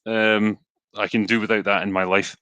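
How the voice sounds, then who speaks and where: A man's voice: on the low side, normal speed, no room sound, dull audio. A Scottish man hosting a live stream, casually reading and answering viewer donations with lots of ums and asides. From Scotland. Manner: relaxed, chatty, frequent ums and asides. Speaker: livestream host reading donations.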